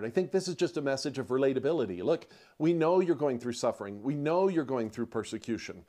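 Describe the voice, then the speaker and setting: A man's voice: mid-range voice, lively intonation, quick pace, few pauses, dark tone. A man preaching a podcast sermon in a conversational, emphatic way, repeating his points and laughing often. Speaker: pastor.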